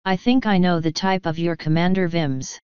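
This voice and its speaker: A woman's voice: lowish voice, fairly even intonation, normal speed, darkish tone, clean tone, no echo, lightly acted. Lady reading an old army colonel, dry and scornful, slightly dull audio. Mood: dry wry. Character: retired older male colonel, dry and quietly scornful. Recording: dull lo-fi sound.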